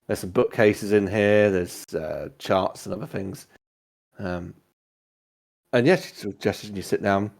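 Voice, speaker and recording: Man, game master, tabletop narration, relaxed, low voice, filler-heavy. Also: unhurried, gravelly. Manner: relaxed, lots of ums, laughs at himself.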